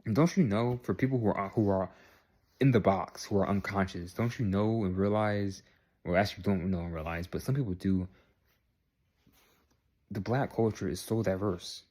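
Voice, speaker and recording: A man's voice: fairly low pitch, normal speed, a little mellow. A young man talking straight to the camera, earnest and repetitive, ending his points with "all right?". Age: young adult. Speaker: vlogger. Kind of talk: direct-to-camera monologue.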